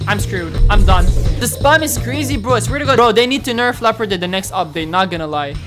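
A young man hosting a gaming channel, giving excitable gameplay commentary, exclaiming and taunting his opponents. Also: high-pitched, quick pace, over music.

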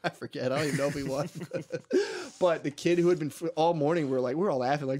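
A man's voice: a little high, very animated, fast, few pauses, a little mellow. A man co-hosting a podcast, telling a long story in casual chat, swearing often and laughing as he goes. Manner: profane, laughing, rambling. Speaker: podcast co-host.

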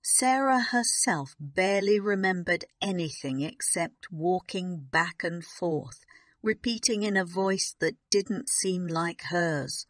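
A woman narrating a graded reader story slowly and carefully on a close mic. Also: fairly low pitch, expressive, no echo. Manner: slow, careful reading. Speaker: audiobook narrator.

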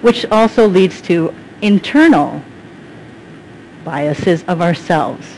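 A man with a fairly high voice talks to an audience at a panel discussion. He speaks casually, pausing and restarting his sentences as he goes. A faint hiss of noise sits under the recording. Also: animated, darkish tone, rough recording. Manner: casual, halting, with fillers and restarts.

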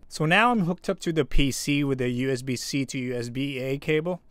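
A man casually testing and reviewing a microphone, talking in a plain, matter-of-fact way with small fillers. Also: medium pitch. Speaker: gear reviewer. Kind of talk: casual mic test and review. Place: outdoors, then indoors at a computer. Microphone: shifting between phone and shotgun mic at varying distances.

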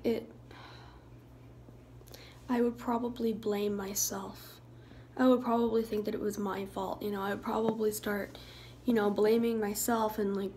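A young woman talking to her viewers in a soft, halting way, sometimes dropping into a hushed, whispery voice. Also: mid-range voice, a little hiss or hum, poor audio. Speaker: YouTuber. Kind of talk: emotional vlog talk to viewers.

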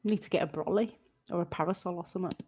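A woman plays a tabletop fantasy game with her friends and speaks a little low. Her replies come in a relaxed, easygoing way, as casual table chat. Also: rapid-fire, breathy edge, no room sound. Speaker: player.

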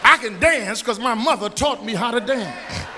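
A middle-aged man, preaching a sermon as pastor, with shouted, sing-song rises. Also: extremely high pitch, expressive, moderate pace, a crowd in the background, background noise. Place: church sanctuary. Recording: echoey church with long reverb.

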